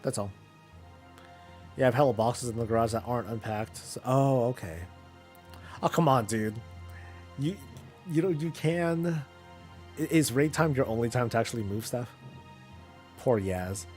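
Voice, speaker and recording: A man's voice: mid-range voice, normal speed, long pauses, darkish tone, faint music behind. A man streaming a casual chat about games, rambling with many fillers and restarts.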